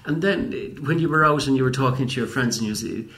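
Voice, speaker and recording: A man's voice: medium pitch, quick pace, fairly bright tone. A man interviewing older locals, often stumbling and repeating his words. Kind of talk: casual interview. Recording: roomy echo.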